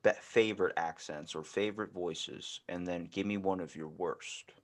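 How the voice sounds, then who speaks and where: A man's voice: sits low, fairly even intonation, moderate pace. A man hosting a casual podcast chat in a playful, teasing way. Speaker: podcast host.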